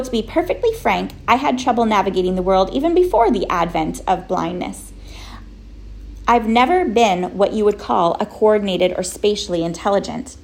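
A rambling, self-absorbed boy, voiced by a woman reader, musing aloud without a care for urgency. The tone stays close to the reader's own, with a slightly gravelly texture. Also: mid-range voice, a little mellow, natural voice. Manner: musing, wordy, unbothered.

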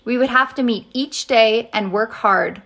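A woman voicing a wise, patient older male professor who speaks slowly and distinctly in a storybook reading. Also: fairly high pitch, a bit bright. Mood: earnest. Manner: slow, distinct and earnest.

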